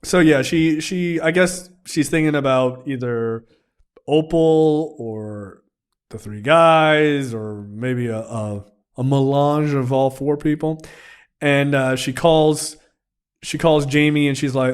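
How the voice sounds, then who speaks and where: Animated man recapping film scenes. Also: mid-range voice, slow, smooth. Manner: animated, recaps scenes acting out characters' lines. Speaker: film review podcast co-host. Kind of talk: casual film review chat.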